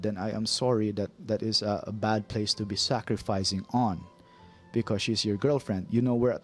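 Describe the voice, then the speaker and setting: A man from the Philippines, a movie reviewer, giving an earnest opinionated commentary and often restarting his sentences. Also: lowish voice. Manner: earnest, repeats himself, frequent restarts.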